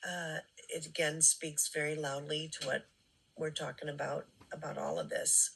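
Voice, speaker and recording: A woman hosting a commentary channel, giving sarcastic, critical remarks between clips, with fillers and pauses. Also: low voice, flat delivery, vocal fry, a bit bright, slightly rough, poor audio.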